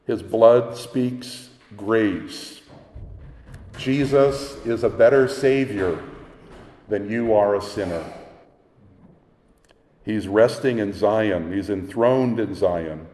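A man's voice: lowish voice, takes it slowly, long pauses, darkish tone, a little hiss or hum. A man preaching a sermon as pastor, earnest and emphatic, driving points home with repeated phrases. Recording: echoey hall with long reverb.

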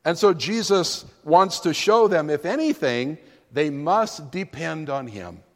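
A male pastor preaches in a slightly high voice with a lot of swing in his pitch. He takes his time and leans hard on key words. His voice rings out with long reverb in a large church. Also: lively intonation, a little slow. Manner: emphatic, dramatic preaching delivery. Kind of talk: sermon.

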